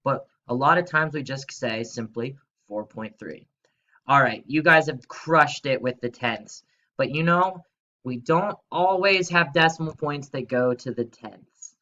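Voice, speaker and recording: Man, teacher, recorded lesson, slow deliberate pace, bright tense tone, encouraging prompts, slightly muffled audio. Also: medium pitch. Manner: upbeat, coaxing, prompts students to repeat aloud. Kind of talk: recorded math lesson for students.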